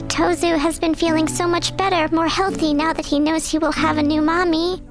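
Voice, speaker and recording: Woman as a little gnome child: high, sweet, eager, earnest. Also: flat delivery, brisk, over music.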